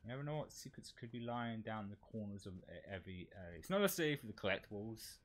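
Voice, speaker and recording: A man streaming a shooter game, talking through his play in casual commentary and swearing excitedly at the enemies. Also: on the low side, quick pace. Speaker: VTuber streamer. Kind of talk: live gameplay commentary.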